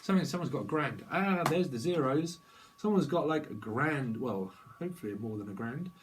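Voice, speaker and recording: A man's voice: medium pitch, lively intonation, brisk, slight background noise, poor audio. A man giving a rambling psychic tarot reading, free-associating through wordplay and laughing at his own jokes. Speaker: tarot reader.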